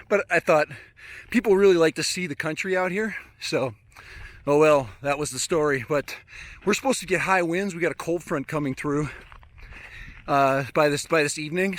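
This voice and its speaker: A man's voice: on the high side, dry recording. A man narrating a casual outdoor vlog while hiking through open country, chatty and rambling and often chuckling. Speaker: drone hobbyist vlogger.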